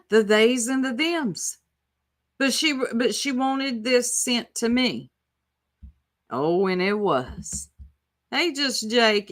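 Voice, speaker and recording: Sarcastic woman with a bright voice. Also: medium pitch. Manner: sarcastic, profane, talks back to clips. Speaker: YouTube commentator. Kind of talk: casual reaction commentary.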